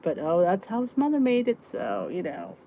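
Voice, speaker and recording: A woman's voice: lowish voice, huge pitch swings, normal speed, mellow, slight background noise. A middle-aged woman hosting a casual weight-loss live stream, chatting and answering viewers' comments as she goes. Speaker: weight-loss vlog host reading live chat.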